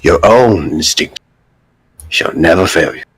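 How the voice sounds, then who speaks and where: A man voicing a calm, wise older Jedi master who speaks in a measured, solemn way. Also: low-pitched, a crowd in the background, low-quality recording.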